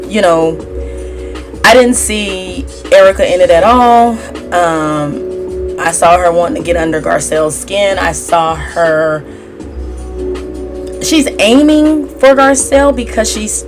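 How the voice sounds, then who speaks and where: A woman giving a casual, sassy gossip recap as a tarot reader, chatty and opinionated. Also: fairly low pitch. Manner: chatty and sassy, mimics cast members in a raised voice.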